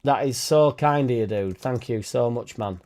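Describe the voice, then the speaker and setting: A man's voice: mid-range voice, moderate pace, darkish tone. A young man hosting a football fan live stream, talking in a blunt, sweary, rambling way. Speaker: football fan channel host. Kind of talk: casual live-stream chat.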